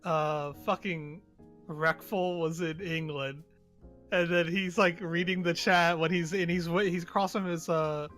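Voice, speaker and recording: A man's voice: a little high, steady tone, a little slow, fairly bright tone, faint music behind. A man co-hosting a casual gaming chat, swearing freely and laughing as he tells stories. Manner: profane, laughing storyteller. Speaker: podcast co-host.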